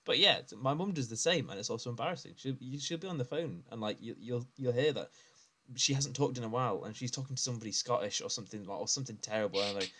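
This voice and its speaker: A man's voice: medium pitch, quick pace, bright, forceful tone, breathy edge. A man co-hosting a podcast, telling stories in a rambling, casual way and laughing often as he talks. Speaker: podcast co-host. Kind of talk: casual chat.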